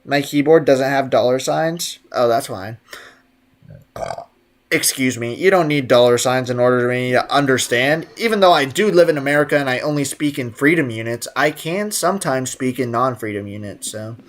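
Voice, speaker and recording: A man's voice: medium pitch, normal speed. A man streaming a game, chatting casually and jokingly, reading messages from his chat aloud.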